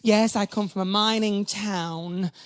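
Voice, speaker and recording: A drag performer from the North East of England, doing camp, self-mocking stand-up banter between songs. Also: male voice, high voice, fairly even intonation, slow pace, clean tone, no room sound.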